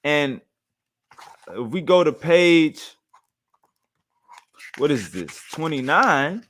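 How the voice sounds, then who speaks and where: A man's voice: on the high side, sing-song, very slow, fairly bright tone, slight background noise. A man hosting a show, reacting to a clip in casual, blunt, mocking commentary with plenty of profanity.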